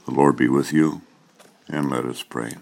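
Very deep-voiced male pastor leading liturgy. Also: steady tone, creaky, a little mellow. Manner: solemn, measured liturgical cadence.

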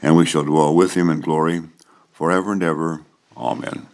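A man with a profoundly low voice serving as pastor, preaching and leading the congregation through confession and prayer. He speaks in a solemn, measured liturgical cadence. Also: little pitch movement, background noise. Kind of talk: sermon and liturgy.

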